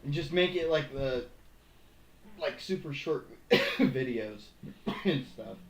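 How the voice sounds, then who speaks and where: A man's voice: medium pitch, lively intonation, slow pace. A young man co-hosting a casual livestream podcast, joking, teasing his friend and laughing often. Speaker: podcast co-host. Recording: echoey room, faint hiss.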